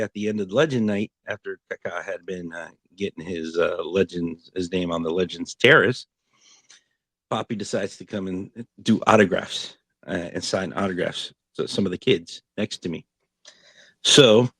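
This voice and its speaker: A man co-hosting a sports fan podcast, telling a story in a lively way, quoting people and laughing often. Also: deep voice, dry recording. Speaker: podcast co-host. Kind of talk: casual podcast chat.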